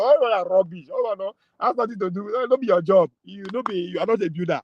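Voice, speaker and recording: A Nigerian man hosting a casual political chat in Pidgin and English, animated and argumentative, often laughing. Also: high voice, fast talker, few pauses, dry recording, low-quality recording. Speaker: political talk show host.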